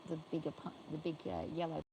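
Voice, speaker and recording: A woman's voice: sits low, sing-song, fast, mellow, slight background noise, low-quality recording. An older woman livestreaming from her farm in a chatty, rambling way, talking to viewers and scolding her animals playfully. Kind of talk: casual livestream chat. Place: outdoors on a farm.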